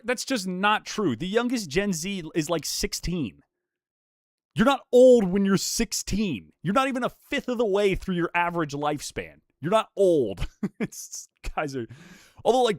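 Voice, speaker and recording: Excitable streamer man with lively pitch. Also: dry recording, studio quality. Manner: excitable, swings from mumbling asides to loud hype yells. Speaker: streamer opening trading card packs. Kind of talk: casual livestream chat.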